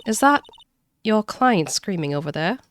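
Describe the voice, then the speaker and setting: A woman's voice: medium pitch, very animated, a little slow. A woman voicing a composed senior female attorney from a game, speaking in a poised, encouraging way.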